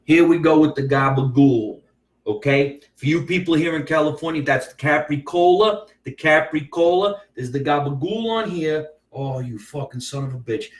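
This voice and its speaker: A man's voice: on the high side, distant mic. A brash comedian, hosting a profane live-stream chat from his home. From US East Coast. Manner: brash and profane, drawn-out emphatic words. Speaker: comedian host of a live show. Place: room at home. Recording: roomy, from off the mic.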